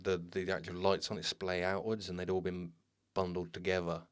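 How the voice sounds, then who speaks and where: A man with a very low voice tells a spooky story in a podcast. He is casual, fills his pauses with ums and uhs, and lifts his voice whenever he quotes someone. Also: flat delivery, clean tone. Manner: retells a transcript with many ums and uhs, lifting his voice for quoted people. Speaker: podcast host.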